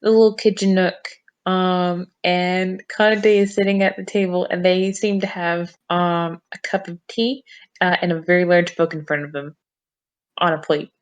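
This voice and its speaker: A woman narrating a tabletop role-play scene in a halting way, with many pauses and fillers. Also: lowish voice, little pitch movement. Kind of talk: slow, hesitant collaborative narration.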